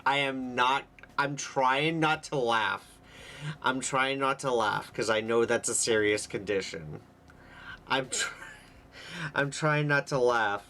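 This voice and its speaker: Slow, bright-voiced streamer man. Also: mid-range voice, a little hiss or hum. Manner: candid, rambling, laughs easily. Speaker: livestreamer. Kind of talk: casual live stream chat.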